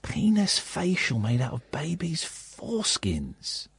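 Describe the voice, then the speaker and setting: A man's voice: a little high, wildly swooping pitch, slow pace, creaky, husky, no echo. A man with an English accent hosting a talk radio show, joking with mischievous, playful asides. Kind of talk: comedic live radio chat. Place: radio studio.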